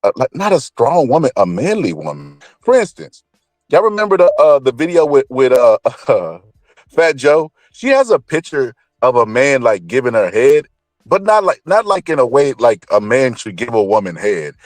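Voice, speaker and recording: A man giving blunt, profane, opinionated celebrity commentary in an animated ranting manner. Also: mid-range voice, normal speed, no echo, soft background music.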